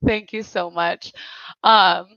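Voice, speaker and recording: Reading viewers' messages aloud on a laid-back livestream, a woman host laughs often and talks slowly and unhurriedly. She has a lowish, sharp-toned voice with vocal fry and fairly even intonation, captured in a dry, slightly dull lo-fi recording.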